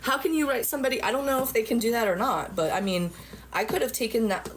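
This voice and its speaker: A middle-aged woman at home telling viewers a long story in a rambling, animated way, full of fillers and swearing. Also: fairly high pitch, quick pace, a little hiss or hum. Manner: rambling, animated retelling with lots of fillers and profanity. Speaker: vlogger.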